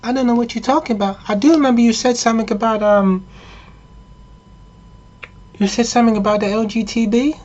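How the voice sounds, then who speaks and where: A man voicing a flustered young woman who plays innocent, speaking in a shrill, quick, evasive falsetto. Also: fairly even intonation, a little mellow, muffled recording.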